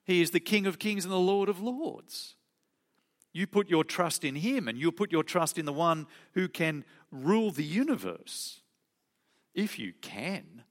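A man preaching a sermon, expressive, acting out quoted lines and dropping into soft asides. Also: a little high, unhurried.

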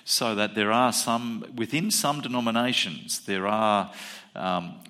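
A man's voice: fairly low pitch, pushed and bright. A man, a pastor speaking to his congregation in a conversational sermon, repeating figures for emphasis. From Australia.

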